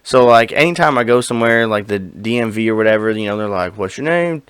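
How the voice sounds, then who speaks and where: A man co-hosting a podcast, telling a story in casual chat, animated and profane, acting out the lines of the people in it. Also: fairly low pitch, quick pace, smooth, no room sound. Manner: animated, profane, acts out quoted dialogue. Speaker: podcast co-host.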